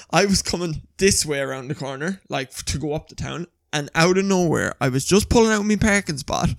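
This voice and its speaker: A man with an Irish accent, chatting casually and telling animated stories, swearing freely. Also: on the high side, moderate pace, creaky, dry recording. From Ireland. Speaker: podcast co-host. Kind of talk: casual chat.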